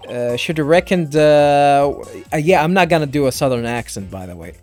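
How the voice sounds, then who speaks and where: Rambling man with lively pitch. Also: faint music behind. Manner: rambling, laughing, halting. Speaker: let's play host. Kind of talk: casual game commentary.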